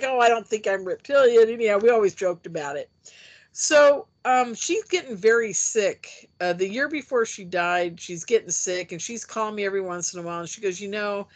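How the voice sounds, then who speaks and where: A woman telling a personal story in a casual interview, animated and chatty, acting out the voices she quotes. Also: mid-range voice. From United States. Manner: chatty with frequent fillers. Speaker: interview guest, UFO experiencer.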